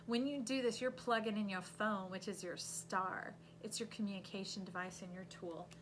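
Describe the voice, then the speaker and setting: A woman at an ordinary middle pitch talks through a tarot spread like a coach, urging the listener on. Now and then she breaks into loud, emphatic bursts. A faint hum sits under the recording. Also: normal speed. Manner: animated, coaching, voices the cards with sudden loud outbursts. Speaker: intuitive tarot reader. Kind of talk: tarot reading monologue.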